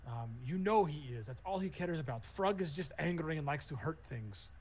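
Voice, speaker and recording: A man's voice: a little high, expressive, moderate pace, a little mellow, muffled recording, natural voice. A man voicing a band of wary, tough-acting orc guards in a tabletop game. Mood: arguing. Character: gruff wary orc guards, male and female.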